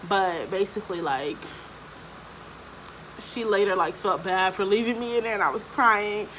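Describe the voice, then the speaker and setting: Young woman vlogging, blunt and swears a lot, chatty, mid pitch, bit of background hum. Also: moderate pace, poor audio. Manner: blunt, profane, animated storytelling with frequent fillers. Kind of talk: casual storytelling vlog.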